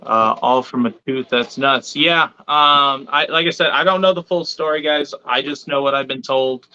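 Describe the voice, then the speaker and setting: A man's voice: mid-range voice, normal speed, pushed and bright, clean tone, muffled recording. A man hosting a live stream, talking in a chatty, loose way with fillers. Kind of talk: casual live stream talk.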